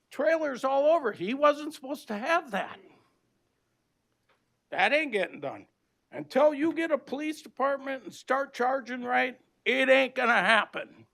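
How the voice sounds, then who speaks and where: Gravelly older man, high and blunt. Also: fairly bright tone. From Minnesota, USA. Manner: blunt, aggrieved, plain-spoken with rough grammar. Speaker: public commenter. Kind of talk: public comment at a county board meeting.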